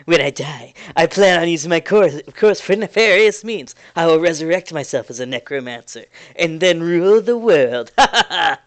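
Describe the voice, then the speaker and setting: A man's voice: on the high side, animated, moderate pace, few pauses, natural voice. A man voicing a boastful, theatrical young male student who turns timid at times, with grand proclamations and cackling laughs. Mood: grandiose.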